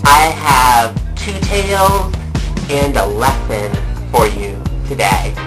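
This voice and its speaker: Over background music, a young adult woman with an extremely low voice speaks slowly as she tells comic personal stories. The vlogger rambles, piling on fillers and repeated phrases, and the recording is rough.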